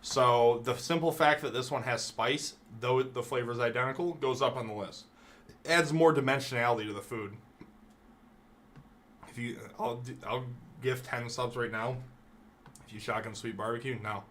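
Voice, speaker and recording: A man's voice: medium pitch, moderate pace, a bit bright, slight background noise. A man streaming live, ranking things in a casual, profane, mock-outraged rant.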